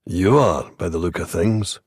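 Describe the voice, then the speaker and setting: Guy reading a low-voiced, blunt old-school cop, dry and wry, close dry mic. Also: unhurried, breathy edge, no room sound. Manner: terse and wry. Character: dry, blunt veteran male police detective.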